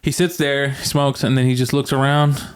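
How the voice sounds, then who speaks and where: A man co-hosting a podcast, casually telling a story in a relaxed, joking way with some swearing. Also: medium pitch, normal speed, clean tone. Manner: laid-back, swears casually, laughs often. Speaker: podcast co-host. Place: new apartment room.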